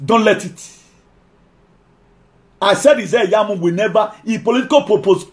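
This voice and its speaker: High-voiced emphatic preacher man. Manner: emphatic, repeats key lines, slows for scripture. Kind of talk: sermon.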